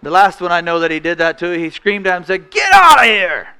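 A man preaching a sermon in a church, folksy, restarting phrases and often clearing his throat. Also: sits high, flat delivery, fast talker, pushed and bright.

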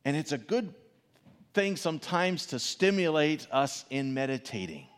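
A man preaching a sermon, swinging from loud emphatic questions to soft, low asides. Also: very animated, moderate pace, clear, resonant tone. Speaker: pastor. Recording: long reverb of a large hall.

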